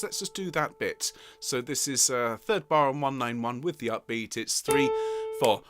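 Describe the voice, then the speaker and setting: A woman's voice: very deep voice, animated, a little slow. A woman leading an online choir rehearsal, patiently counting in and singing short phrases of the alto part to demonstrate. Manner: patient, encouraging coaching. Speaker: choir director. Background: piano accompaniment.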